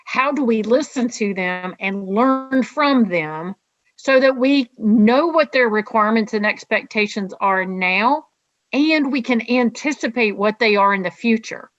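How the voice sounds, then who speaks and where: Female webinar co-presenter, higher voice, explanatory, muffled call audio. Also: a little slow. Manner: explanatory, poses guiding questions. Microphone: video call with camera off. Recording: dull lo-fi web call audio.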